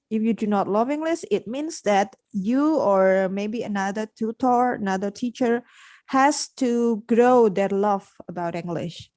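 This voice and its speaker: A woman's voice: a little high, darkish tone, no room sound. A woman hosting a casual podcast on learning English. She explains things simply and repeats her key points. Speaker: podcast host and English teacher.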